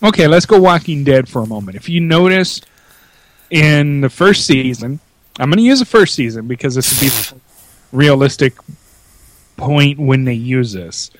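Lively, laughing man with slight Southern twang. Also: medium pitch, normal speed. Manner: laughs a lot, teasing, lively. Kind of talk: casual comedic chat.

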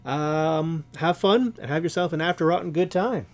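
A man's voice: fairly high pitch, moderate pace, heavy background noise. A man hosting an online radio show, playfully rambling as game master of an improvised role-play game.

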